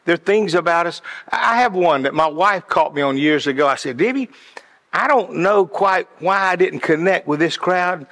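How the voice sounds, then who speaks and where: A man's voice: high voice, expressive, normal speed, a bit bright. A man giving a sermon-like talk about decisions, passionate and earnest, often repeating words as he builds a point. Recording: long hall reverb.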